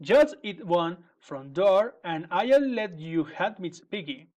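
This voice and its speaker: A man's voice: high voice, sing-song, takes it slowly, darkish tone, lo-fi sound, full character voice. A man reading a storybook and voicing a stubborn witch who sighs wearily. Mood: weary. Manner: sighing, world-weary. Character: weary, stubborn female witch.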